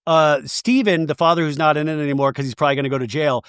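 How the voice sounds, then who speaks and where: A man hosting a podcast, chatting casually and retelling reality TV scenes in a rambling, animated way. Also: on the high side, quick pace, clear, resonant tone, dry recording, studio quality. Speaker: podcast host. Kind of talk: casual chat about reality TV.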